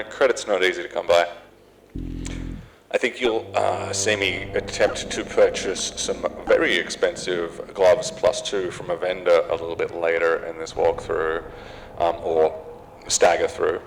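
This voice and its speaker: A man's voice: sits low, low-quality recording. An Australian man, a game developer, giving rambling gameplay commentary with many fillers and side tangents. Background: game sounds and noise.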